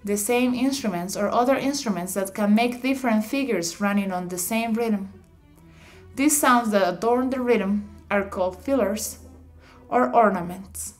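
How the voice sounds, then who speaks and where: A woman narrating an instructional audiobook, reading definitions in a measured, explanatory way. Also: medium pitch, soft background music. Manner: measured, explanatory reading with slightly awkward phrasing.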